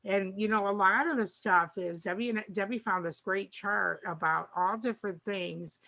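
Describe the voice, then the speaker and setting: An older woman chatting casually as a co-host, meandering from one thought to the next. She often restarts her sentences and slips into little acted-out snippets of dialogue. Her pitch sits at a middling level. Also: normal speed, gravelly. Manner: rambling, warm, restarts often and acts out dialogue. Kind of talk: casual chat.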